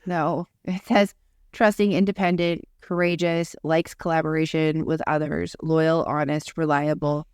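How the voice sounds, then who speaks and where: Low-voiced woman, casual podcast chat. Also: little pitch movement, a little slow, a little mellow, clean tone, no room sound, clean studio sound. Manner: chatty, swears casually, reads lists aloud. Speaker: podcast co-host.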